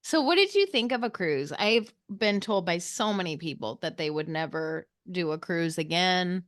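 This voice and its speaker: A woman hosting a podcast, chatty and quick to laugh, asking her guests lots of questions. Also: fairly low pitch, expressive, no echo, clean studio sound. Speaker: podcast host. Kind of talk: casual chat.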